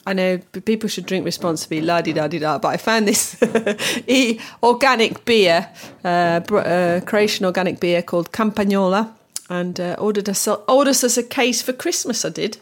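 A woman's voice: mid-range voice, moderate pace. A woman co-hosting a podcast in casual chat, talkative and laughing often. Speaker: podcast co-host.

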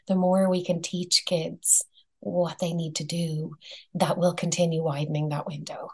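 A woman speaking as an expert guest in an interview, calm, soothing and measured. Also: lowish voice, slightly rough. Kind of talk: interview answer.

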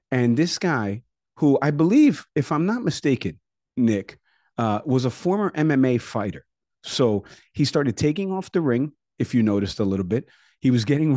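A man hosts a political talk podcast in loose, casual chat. His voice sits at an ordinary middle pitch. He talks in excitable bursts, and the sound is dry and close. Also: no echo. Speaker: podcast host.

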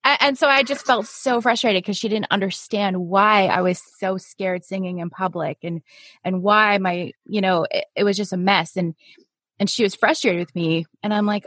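A woman's voice: mid-range voice, normal speed, a bit bright, no room sound, clean studio sound. A woman hosting a casual podcast chat, chatty and self-deprecating, laughing easily.

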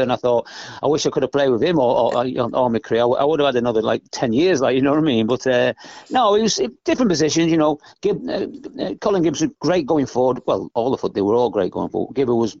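Fast-talking older man, former footballer. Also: medium pitch, lively intonation, creaky, a little mellow, no room sound. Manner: rambling, repeats "you know what I mean". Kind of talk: casual interview chat. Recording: dull lo-fi dry podcast audio.

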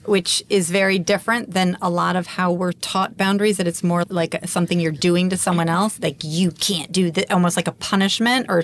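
Animated woman life coach. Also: fairly low pitch, fairly quick, few pauses. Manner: explains with acted-out quotes and frequent laughs. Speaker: life coach, podcast guest. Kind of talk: casual podcast conversation.

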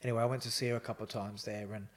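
A man's voice: lowish voice, level tone, rapid-fire. Man telling rambling stories. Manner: rambling with frequent fillers and quoted dialogue. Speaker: podcast guest. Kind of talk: casual storytelling.

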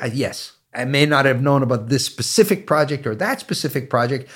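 A man in his sixties from Canada, telling personal stories in a measured, anecdotal way in an interview. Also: mid-range voice, expressive, breathy edge. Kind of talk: reflective storytelling interview. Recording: faint guitar music underneath.

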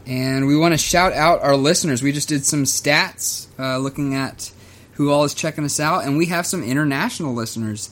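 A man's voice: fairly high pitch, normal speed, fairly bright tone. A man co-hosting a casual podcast, upbeat and chatty as he reads out listener numbers. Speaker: podcast co-host. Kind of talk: casual chat.

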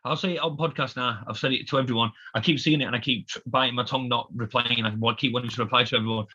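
A man talks fast and hammers his point home in a husky voice. His voice sits a little high, and the audio is dull and lo-fi. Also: fairly even intonation, pushed and bright. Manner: ranting, emphatic, repeats himself. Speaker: podcast co-host. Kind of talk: casual football chat.

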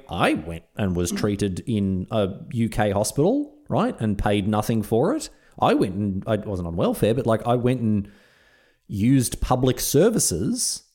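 An Australian man co-hosting a podcast, his speech animated and full of rises and falls. His voice is mellow, and he sounds earnest and reflective, hunting for the right words as he thinks aloud. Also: medium pitch. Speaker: podcast co-host. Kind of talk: casual chat.

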